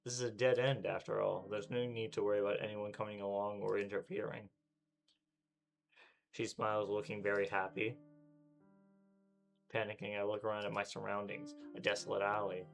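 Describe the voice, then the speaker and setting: A man's voice: lowish voice, level tone, normal speed, creaky, pauses often, soft background music. A male streamer reading a visual novel aloud with dramatic delivery, acting out panting and breathlessness.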